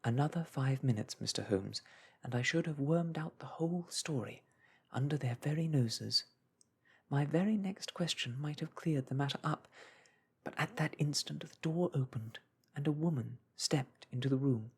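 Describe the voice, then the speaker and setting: A man reading a classic story aloud in a hushed, soothing whisper, as a calm storyteller. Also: a little high, moderate pace, vocal fry, husky.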